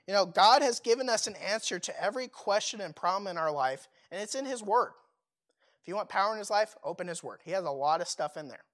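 A man's voice: high-pitched, lively intonation, fast, a bit bright. A young man preaching a sermon in a casual, conversational way, full of fillers and rhetorical questions.

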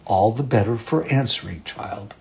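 A man voicing a sly, smooth-talking wolf who fakes a gentle voice. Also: on the low side, moderate pace, lo-fi sound, slight background noise. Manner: feigned gentle, coaxing.

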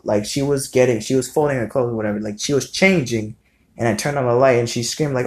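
A man's voice: medium pitch, expressive, a little fast. A young man telling a casual storytime to his viewers, rambling and swearing with lots of fillers. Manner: rambling, profane, many fillers. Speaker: vlogger.

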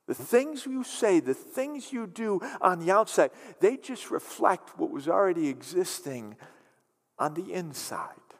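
A male pastor preaches with emphasis, repeating his key phrases and stretching some words out slowly. His voice sits high and swings widely in pitch, and it carries the long reverb of a large church hall. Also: expressive. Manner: emphatic, repeats phrases, shifts between quick and slow drawn-out words. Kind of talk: sermon.

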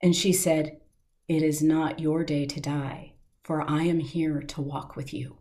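A middle-aged woman telling a personal story in an interview, earnest and heartfelt, slowing down at the emotional moments. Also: deep voice, little pitch movement, warm tone.

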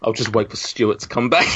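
A man's voice: on the low side, background noise. A man hosting a casual podcast, giving jokey, teasing introductions of his guests. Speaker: podcast host. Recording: dull lo-fi recording.

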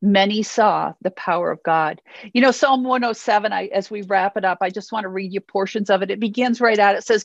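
In a slightly muffled, dry recording with no room sound, a woman with a medium-pitched voice and vocal fry preaches fairly quickly. She reads scripture aloud, encourages earnestly, and often checks in with "okay?"

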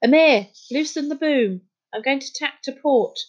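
Bossy gruff boy, read by a woman, storybook, curt snappy orders, breathy voice, dull recording. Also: extremely high pitch, very animated, moderate pace, darkish tone, voice pushed up, heavily acted. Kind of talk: storybook reading.

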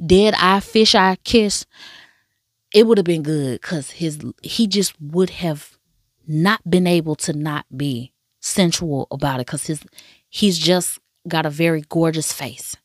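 A woman in a casual, animated chat reviewing a drama series, telling the story with slang and asides. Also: sits low, unhurried, dry recording, studio quality.

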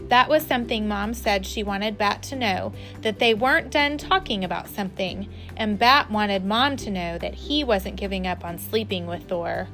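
A woman teacher reading a children's book aloud with expressive delivery. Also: medium pitch, normal speed, few pauses, faint music behind. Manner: warm, expressive.

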